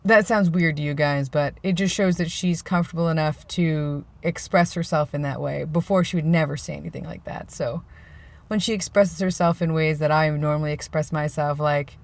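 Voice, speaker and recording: A man's voice: on the high side, creaky. A man talking in a casual vlog monologue, rambling and sarcastic. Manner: rambling, self-described sarcastic joker. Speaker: vlogger.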